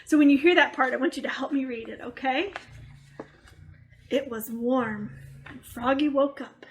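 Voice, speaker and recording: A woman's voice: high voice, fairly even intonation, fairly quick, a little mellow. A woman reading picture books aloud to children on a livestream, with playful asides to her young listeners. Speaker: storytime reader. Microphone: webcam or phone, livestream.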